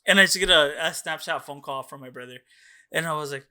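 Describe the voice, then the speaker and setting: A young man tells a story on a casual podcast, rambling and loose, with plenty of "like" and "dude" and frequent swearing. His voice is bright and forceful, sitting a little higher than most men's. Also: quick pace. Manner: rambling, profane, many "like"s and "dude"s. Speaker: podcast co-host.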